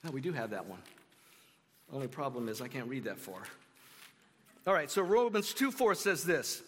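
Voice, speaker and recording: A man's voice: medium pitch, very animated, moderate pace, long reverb tail, slight background noise. A man preaching a sermon to his congregation in a conversational way, with asides to the audience. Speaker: pastor. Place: church sanctuary.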